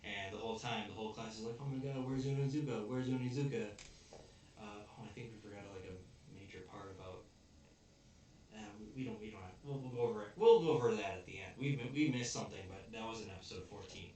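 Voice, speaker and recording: A young man hosts a casual review, rambling through plot points with lots of fillers. His voice sits a little low and bounces around a roomy space, picked up from a distance with slight hiss. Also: quick pace, a little mellow. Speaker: podcast host. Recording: echoey room, distant mic.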